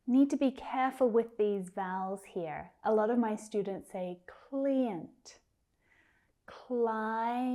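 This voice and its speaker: Slow, mellow-voiced pronunciation teacher woman. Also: medium pitch. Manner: careful, drawn-out repetition of words.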